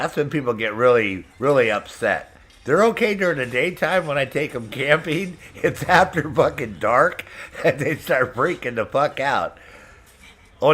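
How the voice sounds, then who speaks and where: A man's voice: mid-range voice, fairly bright tone. A middle-aged man streaming a game, chatting with viewers in a brash, profane way and laughing often. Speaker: gaming streamer. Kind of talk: casual chat with stream viewers.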